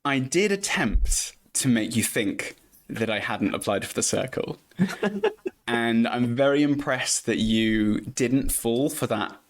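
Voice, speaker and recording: Lively, playful Englishman guest. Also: mid-range voice, takes it slowly. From England. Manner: playful, expressive, laughs often. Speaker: podcast guest. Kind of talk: casual interview chat.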